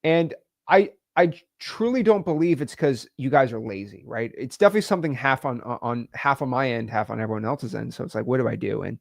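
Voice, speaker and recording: A young man hosting a live stream, talking emotionally and haltingly, repeating words and sighing. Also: medium pitch, gravelly, no room sound, studio quality. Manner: halting, repeats words, sighs, swings between loud and quiet.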